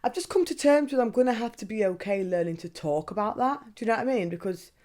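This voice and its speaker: A woman's voice: fairly high pitch, lively intonation, fast, mellow. Candid woman podcasting. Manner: candid, swears freely, asks herself questions. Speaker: podcast host. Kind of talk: casual monologue.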